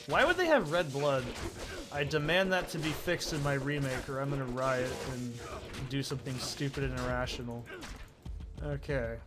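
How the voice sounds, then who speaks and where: A young man casually commenting on his own gameplay as a let's play host, excitable and swearing often as he talks to himself. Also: on the high side.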